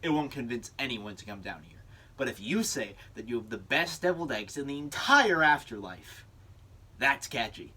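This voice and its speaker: A young man playing a dry, sarcastic male ad man with a deadpan delivery. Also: medium pitch, normal speed, breathy edge, exaggerated voice. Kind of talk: speech-team comedy performance.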